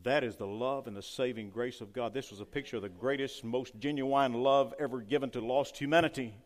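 A man's voice: medium pitch, steady tone, fairly quick. Fervent preacher man in a reverberant hall. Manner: fervent preaching, swings between loud and hushed. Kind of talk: sermon.

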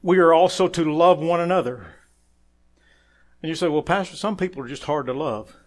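A man preaching a sermon as pastor, quoting scripture, saying "amen" often, rising to loud emphatic phrases and dropping quiet for asides. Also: normal speed. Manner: emphatic preaching that swells louder on key phrases and drops low and quiet for asides; quotes scripture with frequent "amen".

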